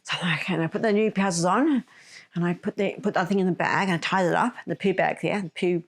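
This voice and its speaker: Fast-talking woman telling a story. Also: lowish voice. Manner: rambling, self-correcting, emotional retelling. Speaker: podcast host. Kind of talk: personal storytelling.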